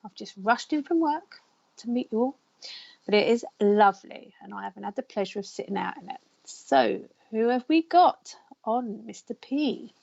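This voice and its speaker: A woman's voice: fairly high pitch, lively intonation, normal speed, gravelly, dull audio. A woman hosting a live psychic counselling stream, chatting and greeting her viewers by name. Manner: chatty, warm greetings, reads out viewer names.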